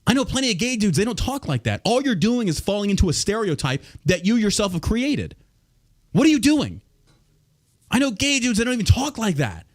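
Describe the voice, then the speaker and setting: A man's voice: high voice, sing-song, fairly quick. Guy ranting on his podcast, cusses a lot, combative, voice jumps all over. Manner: profane, combative, heated. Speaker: podcast host. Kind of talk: casual podcast rant.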